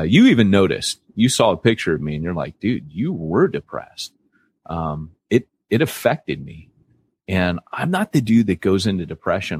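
Podcast host, man with a low husky voice, frank storyteller, dry close sound. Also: dry recording. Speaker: church planting podcast host. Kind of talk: candid podcast conversation.

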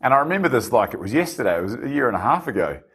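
A man, an animated and self-deprecating storyteller in casual conversation. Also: medium pitch, very fast, husky.

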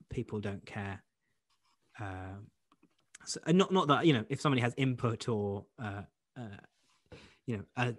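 A man's voice: on the low side, dry recording. A young man from the UK, a comedian being interviewed, talking casually and rambling with many restarts. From United Kingdom. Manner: rambling, many restarts and fillers, self-deprecating. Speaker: comedian guest.

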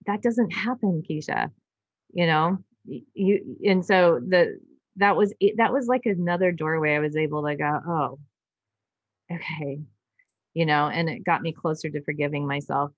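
Woman guest on a podcast, low-ish voice, dry kinda dull audio, earnest, keeps restarting sentences. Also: steady tone, normal speed, no echo. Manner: earnest, emotional, with frequent restarts. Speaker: guest doctor. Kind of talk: personal storytelling in a podcast interview.

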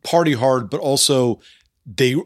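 A man's voice: medium pitch, a little slow, dry recording, clean studio sound. A man interviewing a guest, mostly answering with short replies. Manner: brief, attentive responses. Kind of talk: casual interview.

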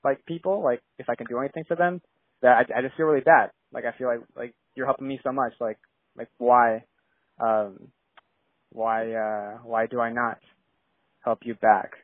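A man's voice: mid-range voice, fairly even intonation, moderate pace, no echo. A young man from San Diego, a filmmaker guest, talking casually and rambling with lots of "like" and restarts. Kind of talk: casual interview chat. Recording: tinny phone-like line.

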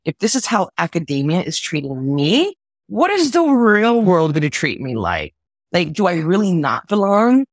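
A woman from Southern California, a conductor, telling a personal story in an interview, earnest and halting, repeating words when moved. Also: on the low side, big pitch swings, no room sound. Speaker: guest, orchestra conductor.

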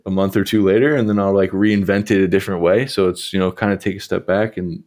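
A man's voice: low-pitched, steady tone, fast, darkish tone. A man, a guest artist on a podcast, talking in a laid-back casual way with lots of filler and some swearing. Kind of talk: casual chat.

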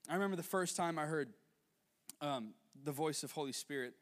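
A man in his twenties preaching a sermon as a youth pastor, telling stories with quick asides and laughs. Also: on the high side, long reverb tail. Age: 20s.

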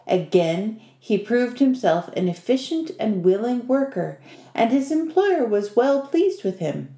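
A woman narrating a folk tale in a measured, expressive storytelling manner. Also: a little high, roomy sound.

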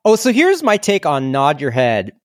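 A man's voice: fairly high pitch, huge pitch swings, moderate pace, dry recording, clean studio sound. A man co-hosting a podcast, chatting casually and laughing often. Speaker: podcast co-host. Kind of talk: casual chat.

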